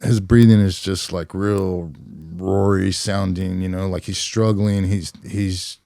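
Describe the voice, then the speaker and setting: Deep, mellow-voiced man recalling his past. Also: level tone, dry recording, clean studio sound. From California, USA. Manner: reflective, unhurried, many "you know" fillers. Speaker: podcast guest, former police officer. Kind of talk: conversational storytelling.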